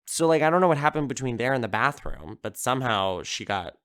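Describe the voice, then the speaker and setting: A man's voice: medium pitch, very animated, a little fast, a bit bright. A man hosting a casual podcast, retelling a horror film in a chatty way, full of "like" fillers and easy swearing. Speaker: podcast host.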